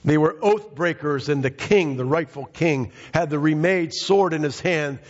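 A man's voice: on the high side, moderate pace, muffled recording. Man preaching in an echoing hall. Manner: emphatic, repeats phrases, addresses congregation by name. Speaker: pastor. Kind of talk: sermon.

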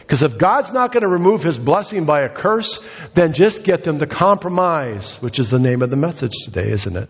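A man's voice: fairly high pitch, sing-song, moderate pace, slightly rough. A man preaching a sermon, retelling a scripture story in a conversational, storytelling way. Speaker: pastor. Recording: dull sound with long hall reverb.

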